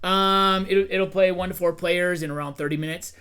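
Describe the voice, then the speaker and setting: Middle-aged male host, light voice, relaxed rambling delivery. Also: sits high, moderate pace, clear, resonant tone. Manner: easygoing, rambling with fillers and repeats. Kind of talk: casual chat.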